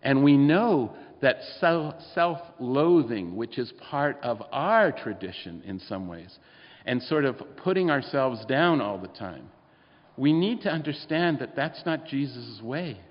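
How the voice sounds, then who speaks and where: A man's voice: medium pitch, expressive, measured pace. A man preaching a sermon in a church, speaking conversationally and putting questions to the congregation. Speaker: pastor. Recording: dull lo-fi recording with long hall reverb.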